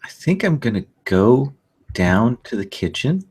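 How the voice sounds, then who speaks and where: A male player describes his character's moves with a lot of stammering and restarts. His pitch rises and falls in a lively way, and his tone is playful. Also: a little slow, breathy edge. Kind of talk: role-playing a character at a tabletop game.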